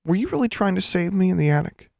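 Casting: a man reading as a sassy twelve-year-old girl, raised pitch, sour and sarcastic, storybook reading. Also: expressive, quick pace, creaky, warm tone, dry recording, studio quality. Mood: polite. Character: sharp-tongued 12-year-old schoolgirl.

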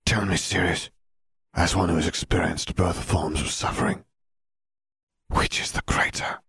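A man voicing a calm, manipulative young male wizard who speaks softly and persuasively. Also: low voice, unhurried, no room sound, full character voice. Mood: coaxing. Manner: soft, smooth, persuasive. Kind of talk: audiobook character voice.

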